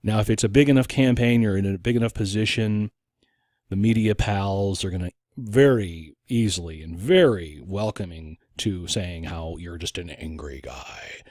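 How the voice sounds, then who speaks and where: A man's voice: deep voice, moderate pace, no room sound, clean studio sound. A man hosting an opinion podcast, talking in a casual monologue and often stopping to restart his sentences. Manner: animated, with frequent restarts and acted-out quotes. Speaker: podcast host.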